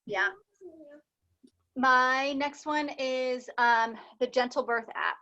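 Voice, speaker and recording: Chatty woman doula, higher voice. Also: steady tone, takes it slowly, bright, forceful tone, muffled recording. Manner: chatty, many fillers. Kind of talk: casual group chat.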